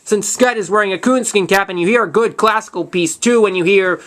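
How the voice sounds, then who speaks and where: A young man with a high, slightly bright voice hosts his own movie review. He retells a plot casually and haltingly, full of restarts and false starts.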